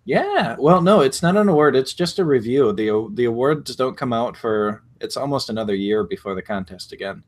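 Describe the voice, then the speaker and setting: Male host, mid-pitched, conversational and rambling, laughs easily. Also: expressive, normal speed, hardly any pauses. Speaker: podcast host. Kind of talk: casual chat.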